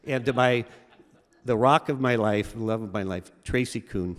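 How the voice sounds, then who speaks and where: A middle-aged man giving an award acceptance speech, halting and emotional, with many fillers and restarts. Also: medium pitch. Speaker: award recipient. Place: large event hall. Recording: reverberant hall with audience.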